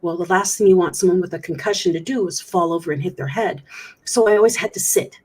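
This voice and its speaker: A woman's voice: lowish voice, fast, a little mellow, slightly rough. A middle-aged woman, a guest on an interview show, candidly recounting a personal story with frequent restarts. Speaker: guest speaker.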